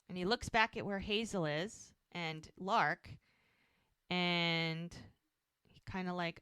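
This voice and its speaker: A woman's voice: on the low side, unhurried, a bit bright, smooth, no room sound. A woman co-hosting a podcast, casually retelling a TV episode and acting out the characters' lines with lots of "like". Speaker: podcast co-host.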